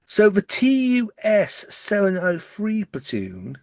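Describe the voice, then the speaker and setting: English man with a light West Country accent, co-host, quick and excitable, dry close sound. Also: high-pitched, dry recording. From West Country, England. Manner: fast-talking, excitable. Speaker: podcast co-host. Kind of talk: casual chat.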